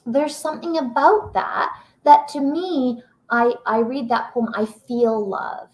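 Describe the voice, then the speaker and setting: A woman presenting a teaching webinar, reading short poems aloud and encouraging her viewers. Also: sits high. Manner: warm, encouraging, reads poems slowly aloud.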